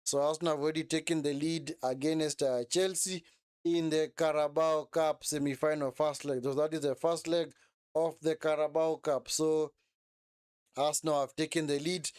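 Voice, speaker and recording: A man's voice: fairly high pitch, darkish tone, clean tone, no room sound, clean studio sound. A young man hosting a casual live watch-along stream, talking in a chatty, repetitive way and often correcting himself.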